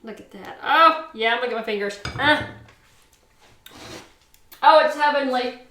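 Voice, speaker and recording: A woman's voice: high-pitched, a little slow, bright, forceful tone, roomy sound, slight background noise. A woman hosting a casual cooking vlog, gushing and sing-song as she talks to viewers from her home kitchen. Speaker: cooking show host.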